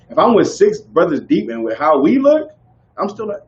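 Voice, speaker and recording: A man teaching a group in casual preaching style, animated and conversational, often asking whether listeners follow. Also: high-pitched, normal speed, muffled recording, a little hiss or hum. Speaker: street teacher.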